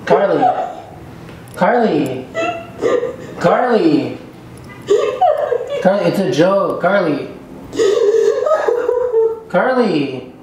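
A man's voice: high voice, animated, very slow, long pauses, darkish tone, heavy reverb, a little hiss or hum. A man filming a casual prank vlog who talks in a teasing, repetitive way and keeps pleading with his girlfriend. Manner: pleading and teasing, repeats himself. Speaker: prank vlogger.

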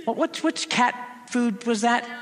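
A man's voice: extremely high pitch, takes it slowly, a bit bright. A man in his forties preaching a sermon in a playful way, bursting into bits of jingles for the congregation. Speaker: pastor. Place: church sanctuary. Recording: long church hall reverb.

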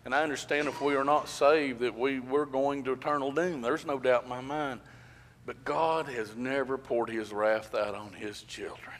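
Middle-aged preacher, folksy storyteller who builds to emphatic points, mid-pitched, long church echo. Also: male voice, steady tone, normal speed. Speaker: pastor. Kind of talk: sermon. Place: church sanctuary.

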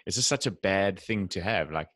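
This man co-hosts a podcast, asks his guest questions, and backs him up with quick, supportive affirmations. His voice is very deep. The recording is close and dry. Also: expressive, fairly bright tone, dry recording. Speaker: podcast co-host. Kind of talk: casual interview conversation.

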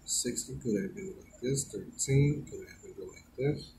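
Laid-back guy scratching a lotto ticket, talks real slow, kinda low voice, noisy background w/ birds. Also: gravelly. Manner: slow, easygoing, calls out numbers one by one. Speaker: lottery scratch-off vlogger. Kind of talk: casual narration while scratching a ticket.

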